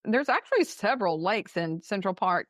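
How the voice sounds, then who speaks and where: A woman who writes about travel, recounting bike trips as a radio guest. She tells her stories in a lively, laughing way and rushes through the exciting parts. Her middle-pitched voice sounds dry and close to the mic, with no room echo. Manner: animated storyteller, laughs and speeds up. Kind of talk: casual interview storytelling.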